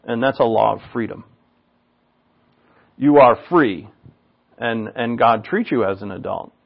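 An older male pastor with a medium-pitched, unhurried voice and some vocal fry delivers a loose, conversational sermon. He rambles casually, wandering into asides and restarting his thoughts. The recording is dull and lo-fi.

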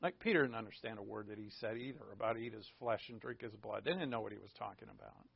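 A man's voice: fairly low pitch, quick pace, gravelly, slightly rough, no echo. A man preaching a conversational sermon, full of rhetorical questions and informal asides. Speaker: pastor. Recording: dull lo-fi dry recording.

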